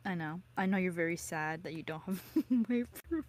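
A woman's voice: on the low side, expressive, normal speed, a little mellow. A woman friend on a stream, chatting casually, giggly and teasing with lots of exclamations. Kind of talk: casual chat. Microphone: own microphone.

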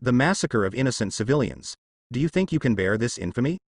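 A man's voice: medium pitch, big pitch swings, fast, no echo, clean studio sound. A man voicing a righteous young male navy rear admiral who speaks in firm, reproachful speeches.

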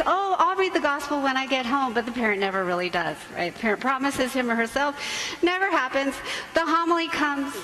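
A high-pitched woman with a bright, ringing tone gives a talk in a church. She tells a lively, humorous story about faith. The sound carries long reverb from the hall, with faint noise behind it. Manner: lively storytelling, acts out parents and kids. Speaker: Catholic speaker.

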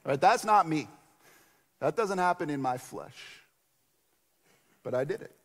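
A pastor preaching a sermon in an animated, conversational manner. His voice sits fairly high for a man. It carries a long church reverb. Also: a little slow. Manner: conversational, animated storytelling with acted quotes. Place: church sanctuary.

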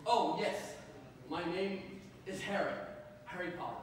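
Man voicing a shy, courteous teen wizard, slightly raised pitch, distant in a reverberant hall. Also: fairly even intonation, measured pace, heavy background noise. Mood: earnest. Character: earnest young male wizard, polite and awkward. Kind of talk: amateur stage reading. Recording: echoey hall, distant mic.

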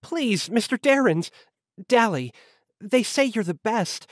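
A frightened young woman begging for help, soft and breathy, as a male narrator voices her. Her pitch rides far above his usual voice and swings up and down, recorded dry and close. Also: animated, takes it slowly, no room sound. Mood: pleading. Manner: breathy, pleading.

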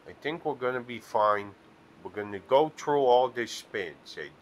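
A man's voice: mid-range voice, animated, moderate pace, a little hiss or hum. A man playing slot machines in a casino and giving playful commentary that drifts into rambling, absurd stories. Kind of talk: casual joking commentary.

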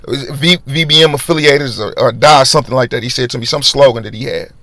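A man with a gravelly, fry-edged voice at an ordinary pitch tells a personal story. He talks loosely and in slang, slipping into other people's voices as he goes. The sound is dry and close, with no room around it. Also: a little fast, few pauses, no echo. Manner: animated, slangy, acts out voices in his story. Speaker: podcast host telling a personal story. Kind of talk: casual storytelling monologue.

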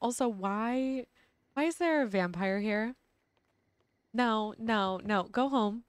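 Slow, giggly young woman narrating a game. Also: a little high, smooth, no room sound. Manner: chatty, giggly, with frequent ums. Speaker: gaming channel host. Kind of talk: casual let's-play narration.

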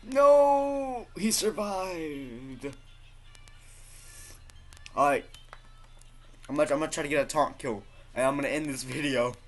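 A man giving live commentary over his own gameplay, excitable and foul-mouthed, swinging into laughter and high-pitched yells. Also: quick pace, long pauses, soft background music. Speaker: gaming video host.

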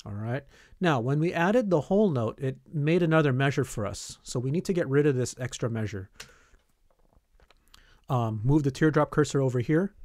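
Dry-voiced man teaching notation software. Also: mid-range voice, no echo. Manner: step-by-step instructions with frequent "okay" and "all right". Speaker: band teacher. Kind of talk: screen-recorded software tutorial.

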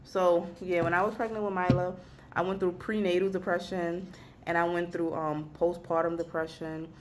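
Sitting at her desk at home, a young woman vlogs in a low voice, weepy and near tears. Her talk is confessional and rambling, trailing off and starting over, delivered flatly at a moderate pace over a faint background hum.

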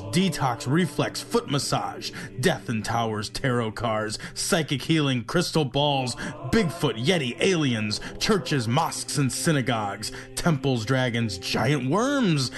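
A man reciting a closing creed in a slow, measured, declamatory way. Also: mid-range voice. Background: music.

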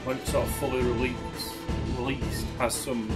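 A man chatting casually as he plays through a game, musing and laughing easily. His voice sits mid-pitch, and game music plays loudly underneath. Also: little pitch movement, moderate pace, rough recording. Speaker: let's play host. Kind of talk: casual gameplay commentary.

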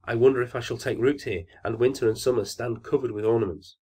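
Wistful storybook fir tree, young, impatient and earnest, read by a man, with a husky voice. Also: medium pitch, steady tone, quick pace, dark tone, close to an everyday voice. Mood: eager. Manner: earnest, longing musing.

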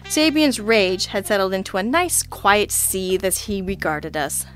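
A woman giving crisp, dryly amused first-person narration of a hard-boiled detective story. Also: medium pitch, very animated, a little slow, faint music behind. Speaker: audiobook narrator.

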